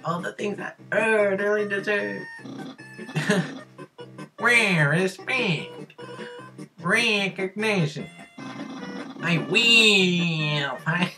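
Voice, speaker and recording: A woman's voice: mid-range voice, very slow, long pauses, music in the background. A woman voicing a boastful, vain young male skeleton in a fan dub of a game, making grand, bossy declarations.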